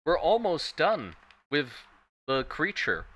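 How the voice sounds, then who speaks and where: Bright-voiced man rambling while drawing. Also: a little high, slow pace, lo-fi sound. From Thailand. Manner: rambling, animated, swears freely. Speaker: streamer. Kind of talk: casual chat while drawing.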